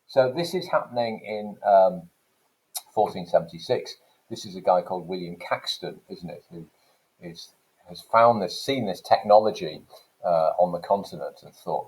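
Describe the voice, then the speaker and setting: A man's voice: sits low, expressive, moderate pace, a little mellow, low-quality recording. A man who teaches English, explaining to students and asking them questions along the way. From England. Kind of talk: recorded classroom lesson.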